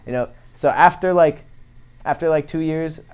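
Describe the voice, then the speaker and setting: A man's voice: a little high, moderate pace, darkish tone. A young man, a podcast guest, telling a story in a casual, profane way with many fillers.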